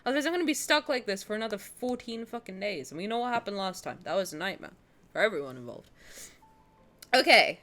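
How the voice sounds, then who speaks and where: Fast and animated, a woman's mid-range, slightly bright voice carries a live stream of her gacha pulls. She playfully chats with viewers, coos at characters, shrieks in pretend protest and swears without restraint.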